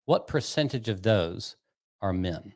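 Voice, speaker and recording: A man's voice: fairly low pitch, animated, measured pace, darkish tone. A man co-hosting a casual podcast with his partner, playfully quizzing him with trivia questions. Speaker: podcast co-host. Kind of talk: casual chat.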